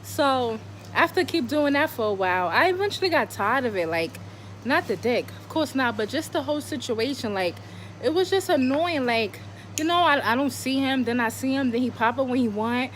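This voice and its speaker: A high-pitched woman tells her own story to camera in a casual vlog. She swears freely, asks herself dramatic questions and answers them, and keeps the telling lively. A faint hum of background noise sits under her voice. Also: normal speed. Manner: animated, profane, dramatic rhetorical questions. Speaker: vlogger telling a personal story.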